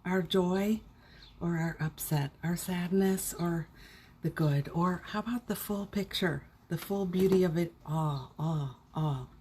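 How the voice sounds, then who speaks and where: A woman's voice: lowish voice, measured pace, darkish tone, a little hiss or hum. A middle-aged woman hosting a casual morning live stream from home, cheerfully greeting viewers by name and chatting. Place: home indoors.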